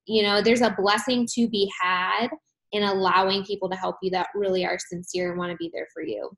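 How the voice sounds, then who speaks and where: A young adult woman hosting a podcast, telling stories in a chatty, animated way. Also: mid-range voice, a little fast, creaky. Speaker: podcast host. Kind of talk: casual conversation.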